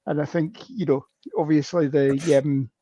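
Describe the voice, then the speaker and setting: A UK man co-hosts a casual sports podcast, rambling emphatically and swearing mildly. His voice is on the high side, mellow, fairly even, and a little slow, in a dull lo-fi recording that's dry with no echo.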